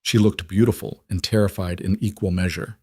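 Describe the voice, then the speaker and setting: A man reading a scripted story in an even, measured way. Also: low-pitched, breathy edge, no room sound, clean studio sound. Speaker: narrator.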